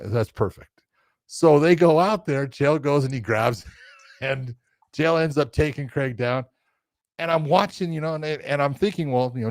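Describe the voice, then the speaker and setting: A man casually telling a story as a podcast co-host, animated and acting out quotes with laughter. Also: medium pitch, no room sound.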